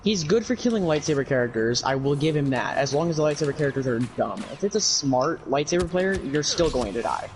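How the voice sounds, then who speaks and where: A man's voice: fairly high pitch, animated, a little fast, few pauses, a little hiss or hum, low-quality recording. A man streaming a video game, ranting about it in profane, frustrated commentary. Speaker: gaming streamer. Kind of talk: casual livestream commentary.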